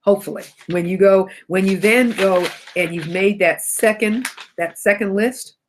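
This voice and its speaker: A woman's voice: medium pitch, normal speed, a little hiss or hum. A middle-aged woman with a cold hosts a motivational broadcast, talking animatedly to viewers and often laughing and correcting herself. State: has a cold. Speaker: host of a self-help broadcast.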